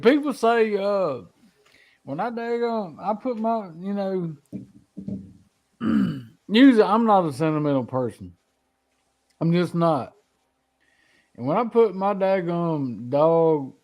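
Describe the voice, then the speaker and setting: A man's voice: fairly high pitch, a little mellow. A man, hosting a casual talk show, rambling with many restarts and folksy swearing. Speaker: podcast host. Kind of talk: casual chat.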